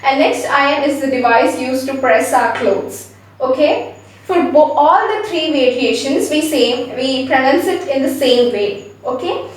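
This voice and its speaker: High-voiced woman teaching pronunciation, echoey. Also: expressive. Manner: repeats words slowly, often checks with "okay?". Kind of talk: spelled-out pronunciation lesson. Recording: very echoey room, mic far away.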